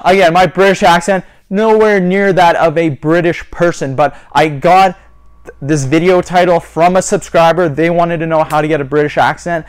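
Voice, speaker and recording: A man making a casual how-to vlog, chatty and repetitive, slowly spelling out and demonstrating words. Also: a little high, clean tone. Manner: chatty, repeats "you guys" and "so again". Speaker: YouTuber.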